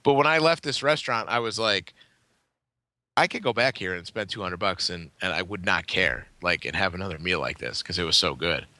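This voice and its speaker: Lively blunt man telling stories. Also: low-pitched, a little fast, no room sound. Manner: blunt storyteller, swears freely, acts out quotes. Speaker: podcast co-host. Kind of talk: casual podcast chat.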